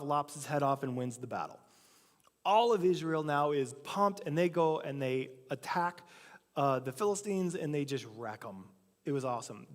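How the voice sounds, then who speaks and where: A man preaching a sermon, telling a story casually and acting out the quotes himself. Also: on the high side. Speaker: pastor. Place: church sanctuary. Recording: long church hall reverb.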